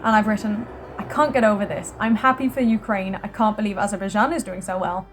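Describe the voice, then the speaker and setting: Reading out her notes as a vlogger, this young UK woman talks fairly quickly at a medium pitch, with soft music playing behind her. Her tone is casual and excitable, full of laughter and sudden surprised outbursts.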